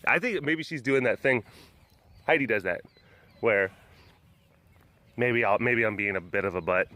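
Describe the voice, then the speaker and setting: Teasing the big cats he looks after, this man laughs a lot and uses baby talk while casually addressing both the animals and the camera. His lowish voice is a little slow, sounding pushed and bright.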